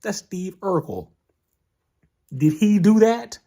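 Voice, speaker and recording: Man doing exasperated old boxing coach, high and scoffing, slangy and incredulous. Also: lively intonation, slow, dark tone, heavily acted. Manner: incredulous, slangy trash talk.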